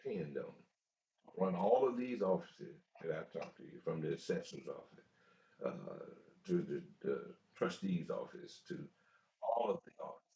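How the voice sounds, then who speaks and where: A man's voice: deep voice, animated, unhurried, creaky, mellow. A man hosting a talk show who delivers a political commentary monologue, preaching and repeating his points for emphasis. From United States. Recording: dull echoey room recording.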